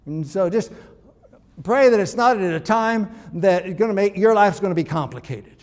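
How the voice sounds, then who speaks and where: Male pastor, sermon delivery, conversational but emphatic, higher-pitched voice, echoing sanctuary. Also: lively intonation, normal speed. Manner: conversational, emphatic, with frequent restarts.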